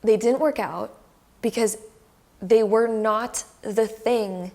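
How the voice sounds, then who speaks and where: A woman's voice: on the high side, steady tone, takes it slowly, vocal fry, a little mellow. Chatty young woman giving a tarot reading. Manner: chatty and effusive, heavy use of "like", emotional. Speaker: tarot reader. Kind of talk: casual pick-a-card tarot reading to camera. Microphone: camera close by.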